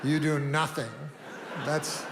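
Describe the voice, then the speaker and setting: A man doing a stand-up routine on a comedy stage, deadpan and rambling, with long setups. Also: a little high. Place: comedy stage before a live audience. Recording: long hall reverb, faint noise.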